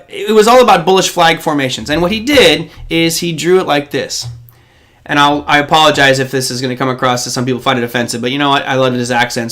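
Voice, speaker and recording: A man's voice: a little high, a bit bright. A man hosting a live trading show, explaining stock charts in a loose, conversational way. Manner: conversational and explanatory, with frequent ums and restarts. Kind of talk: live market commentary.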